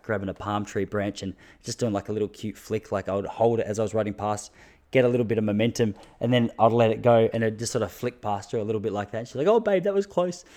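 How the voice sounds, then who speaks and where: A young Australian man talking casually to his listeners, self-mocking and quick to laugh, with lots of restarts. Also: fairly low pitch, a little mellow.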